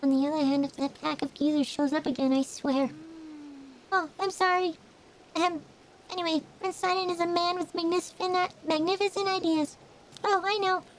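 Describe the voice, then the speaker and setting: Dude doing a super high squeaky fish fangirl voice, all gushy and excited. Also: normal speed, slight background noise, rough recording. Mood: gushing. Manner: gushing and excitable. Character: young female fish fangirl, gushing. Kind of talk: voicing game dialogue on a stream.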